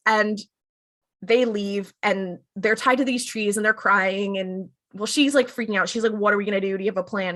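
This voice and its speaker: A woman co-hosting a casual podcast, recapping an episode in a loose, chatty way. She slips into quick paraphrased lines for each character without fully acting them. Her voice sits at an ordinary middle pitch. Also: fairly bright tone. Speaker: podcast co-host.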